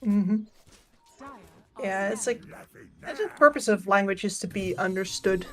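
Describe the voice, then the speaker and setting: A woman's voice: mid-range voice, unhurried, fairly bright tone. A woman giving esports color commentary, wry and easygoing in her analysis and banter. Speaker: esports co-caster.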